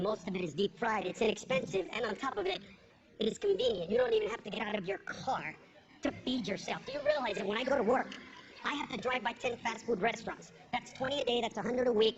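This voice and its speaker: A woman's voice: mid-range voice, pitched below the performer's own voice, natural voice. A woman voicing a long-winded, pompous male TV pundit who lectures in a droning way. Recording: dull lo-fi recording with loud crowd.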